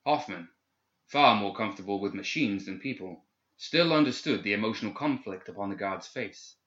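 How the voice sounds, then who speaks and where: A man reading a story aloud in steady, measured audiobook narration. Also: fairly low pitch. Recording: echoey, slightly dull recording.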